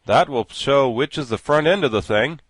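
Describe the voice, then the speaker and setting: A calm, practical tin man, as a male narrator reads him, measured and matter-of-fact. The dry recording keeps the voice close. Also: mid-range voice, dry recording, natural voice. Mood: explaining.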